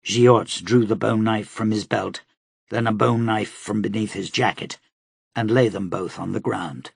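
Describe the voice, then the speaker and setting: A male audiobook narrator reading in a slow, steady, dramatic way. His voice is gravelly and husky, and the recording sounds dry and close. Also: fairly low pitch, dry recording. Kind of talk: scripted narration.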